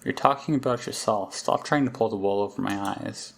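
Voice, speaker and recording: A man's voice: on the low side, a little fast, gravelly. A man reading aloud the lines of a stern, impatient male doctor, curt and dismissive. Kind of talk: reading game dialogue aloud.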